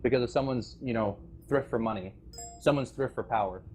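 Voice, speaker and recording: Talking fairly fast in a mid-range, slightly mellow voice, a former staff member speaks to players over voice chat about the game server community he walked away from. The speech is heartfelt and rambling, with repeated restarts and nervous laughs, and soft music plays in the background.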